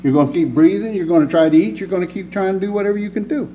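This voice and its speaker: Racing along in a high-pitched voice, this preacher gives a plainspoken, folksy sermon full of jokes, animated in the church sanctuary. Audio is dull and lo-fi with loud noise.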